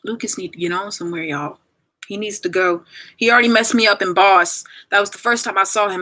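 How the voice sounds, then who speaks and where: A woman's voice: mid-range voice, brisk, bright, forceful tone. A woman in her twenties chatting casually on a livestream and reading viewer comments aloud.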